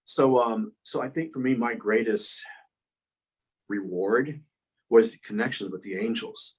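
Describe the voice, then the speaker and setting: A man's voice: lowish voice, unhurried, husky, poor audio. A man guest speaker and author telling personal stories in an earnest, rambling way, with frequent restarts. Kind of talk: conversational storytelling.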